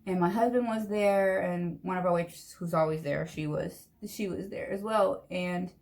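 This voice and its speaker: A young woman telling a long personal story in a chatty, animated way while doing her makeup. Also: lowish voice, moderate pace, vocal fry. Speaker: vlogger. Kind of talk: get-ready-with-me storytime.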